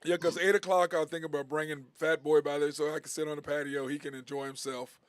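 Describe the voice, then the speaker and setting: A man's voice: fairly high pitch, little pitch movement, quick pace, no echo. Teasing man hosting sports radio. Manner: teasing, chuckles often. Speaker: radio sports talk host. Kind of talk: casual sports talk banter. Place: radio studio. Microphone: studio microphone.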